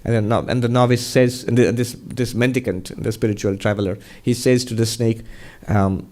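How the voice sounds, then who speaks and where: Monk giving a spiritual Q&A talk, measured, conversational storyteller. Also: male voice, medium pitch, fairly even intonation, a little mellow. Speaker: monk and resident minister.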